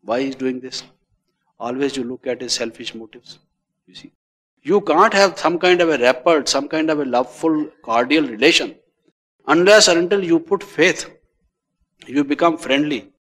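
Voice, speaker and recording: A man giving a measured, repetitive meditation lecture as a spiritual teacher, often adding "you see". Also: a little high, a bit bright, in a large hall.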